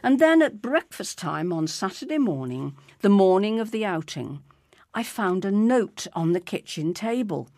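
A woman reading a story aloud, unhurried and expressive. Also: mid-range voice, dry recording, clean studio sound.

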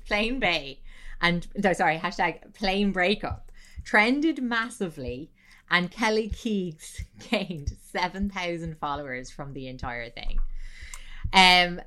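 A woman co-hosting a podcast, telling a story with lively, swearing, laughing comedic chat. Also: on the low side. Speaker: podcast co-host.

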